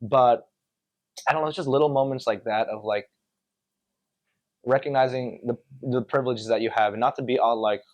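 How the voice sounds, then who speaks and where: A man from Connecticut, a podcast guest, telling stories in an animated, filler-heavy casual chat. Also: medium pitch, normal speed, pauses often. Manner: animated storyteller, many fillers.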